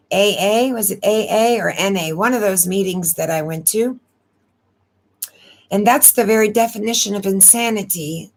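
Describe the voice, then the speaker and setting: A woman hosting a casual live stream, talking in a rambling, emotional way and repeating words as she goes. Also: mid-range voice. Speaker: astrology channel host.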